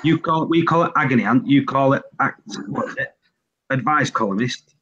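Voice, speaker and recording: A man's voice: medium pitch, moderate pace, a bit bright, highs cut off. A British man hosting a casual group chat, reading out lists of word pairs. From Britain. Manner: reads out lists of word pairs, laughs often.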